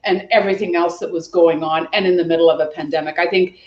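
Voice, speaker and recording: A woman's voice: fairly low pitch, steady tone, quick pace. A woman hosting a panel discussion, asking guests questions conversationally. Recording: roomy, dull remote audio.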